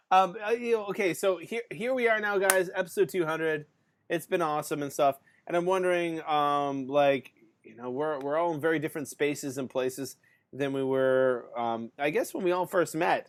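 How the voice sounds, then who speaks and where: A man with a slightly high voice hosts a podcast in loose casual chat. He rambles through stories, leans on fillers and keeps breaking into laughs. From Canada. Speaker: podcast host.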